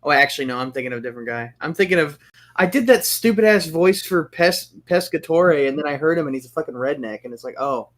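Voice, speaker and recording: A man's voice: fairly high pitch, expressive, quick pace, a bit bright. A man co-hosting a casual chat show, goofy and crude, swearing and humming mockingly. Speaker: co-host.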